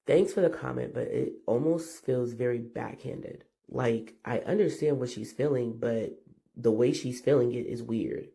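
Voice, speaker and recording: A man with a groggy, gravelly morning voice gives casual, slangy commentary and keeps asking the audience questions. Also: medium pitch, measured pace, warm tone.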